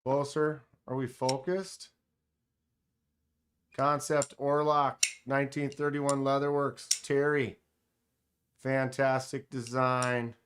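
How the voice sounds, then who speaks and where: A man's voice: medium pitch, level tone, slow, pauses often, a bit bright, slight background noise. A man hosting a casual knife livestream at a table indoors, chatting enthusiastically and reading the chat aloud. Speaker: knife channel host.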